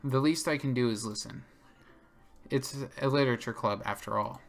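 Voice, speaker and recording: A man's voice: mid-range voice, moderate pace, vocal fry. A man streaming a game, reading its narration and dialogue aloud in a casual, easygoing way.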